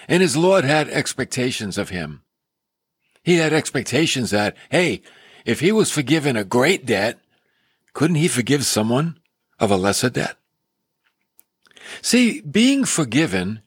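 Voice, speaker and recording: A man preaching a sermon, retelling a parable with animated storytelling and acting out the characters. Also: medium pitch, husky, no echo, studio quality.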